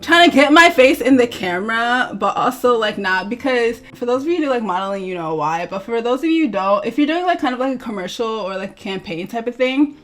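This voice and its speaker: Young woman, slightly high voice, chatty storyteller who acts out her quotes, light music underneath. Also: a little fast, hardly any pauses. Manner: chatty, animated, many "like" fillers, acts out quotes. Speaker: model. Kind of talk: storytime vlog.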